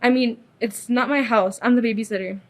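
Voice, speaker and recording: Woman reading a flustered young babysitter girl, stammering, higher voice. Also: fairly even intonation, fairly quick, lightly acted. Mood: frightened. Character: frightened young female babysitter.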